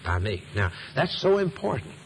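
A man preaching a sermon at an ordinary middle pitch, building his points through repetition and rising emphasis. A faint hiss of background noise sits under his voice. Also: big pitch swings, normal speed, rough recording. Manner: preaching with a swelling, emphatic cadence and repeated phrases.

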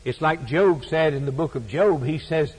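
Husky-voiced man preaching a sermon. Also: fairly high pitch, moderate pace, darkish tone, poor audio. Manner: repetitive, emphatic preaching cadence.

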